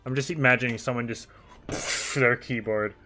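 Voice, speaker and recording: A young man chatting casually on a game livestream, reading viewer messages aloud, talkative and animated with frequent laughter. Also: medium pitch, moderate pace, faint music behind. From United Kingdom. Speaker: streamer.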